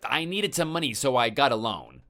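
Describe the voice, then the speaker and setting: A man's voice: mid-range voice, animated, normal speed, a bit bright, faint music behind, natural voice. A man's text-to-speech voice playing a defensive, threatening husband who brushes off his wife. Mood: angry, dismissive. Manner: dismissive, defensive and menacing. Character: hot-tempered threatening husband, adult man.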